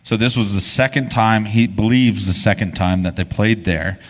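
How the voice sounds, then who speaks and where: A man's voice: lowish voice, fairly even intonation, moderate pace. Man telling a story on a live stage. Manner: casual, rambling, frequent restarts and swearing. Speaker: podcast co-host. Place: podcast festival stage before an audience. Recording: live stage with long hall reverb.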